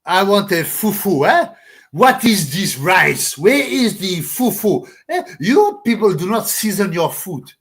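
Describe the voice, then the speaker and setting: A man voicing a loud, furious man ranting about plane food in a comic livestream bit, shouting demands and insults. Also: high-pitched, very animated, measured pace, exaggerated voice.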